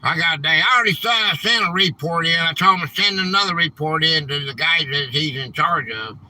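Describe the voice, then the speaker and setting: A man hosting a casual live stream, rambling and quick to get frustrated, saying "man" a lot. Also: on the high side, pushed and bright, slight background noise, rough recording. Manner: rambling, easily frustrated, says "man" often.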